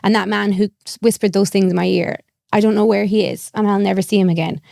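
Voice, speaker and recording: Irish woman, young adult, comedian guest; gravelly voice, dry close mic, animated storyteller. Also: medium pitch, fast, dry recording. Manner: animated, acts out quoted voices, laughs often. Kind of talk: candid storytelling.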